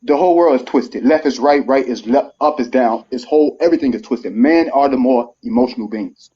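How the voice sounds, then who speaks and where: On a muffled live stream, a guest speaker, a man of thirty, gives an emotional monologue in a brisk, mid-range voice. He starts out earnest and climbs toward heated pleading.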